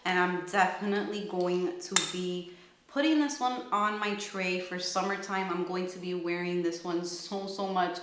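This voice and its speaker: A fragrance reviewer gushes enthusiastically over perfumes, thinking aloud as she casually describes each scent. Her voice is on the low side and a bit bright, and the room sounds echoey.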